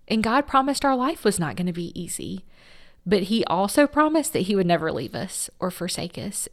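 A woman who directs an adoption agency, speaking as an interview guest in an earnest, heartfelt, faith-filled way. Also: mid-range voice.

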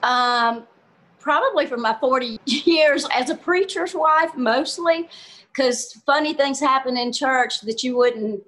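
This is an older woman with a Southern American accent, talking on a video call as a comedian guest. Her voice sits a little high, and she tells folksy stories with frequent laughter in an easy, casual way. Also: unhurried, fairly bright tone. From Southern US, Georgia. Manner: folksy, laughs often, storytelling. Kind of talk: casual interview chat.

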